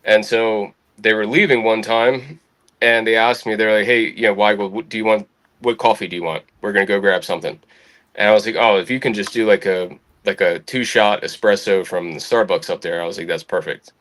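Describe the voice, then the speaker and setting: A young adult man spins a casual anecdote with a slightly low voice. He swears freely and lifts his pitch to act out the people he quotes. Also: fairly even intonation, brisk, fairly bright tone. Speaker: podcast guest. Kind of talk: casual storytelling.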